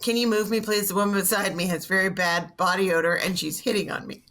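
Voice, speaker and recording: Brief: woman imitating a calm, oblivious older dad, lower and softer than her own voice. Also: fast talker, natural voice. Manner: mild, matter-of-fact, oblivious. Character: older man, her offbeat stubborn dad.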